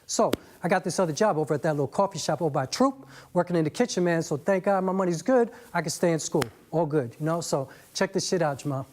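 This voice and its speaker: A man's voice: on the high side, fast talker, a little mellow, close to an everyday voice. A man playing a laughing young New Yorker. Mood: animated. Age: young adult. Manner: laughing, streetwise, profane. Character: upbeat young man shrugging off bad luck.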